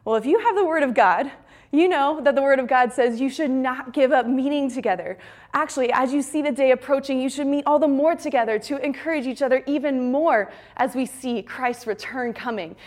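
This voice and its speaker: A woman's voice: high-pitched, fairly quick. A young adult woman giving a fervent, emphatic devotional talk at a retreat. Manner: fervent, emphatic preaching that ends in soft prayer. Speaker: retreat speaker.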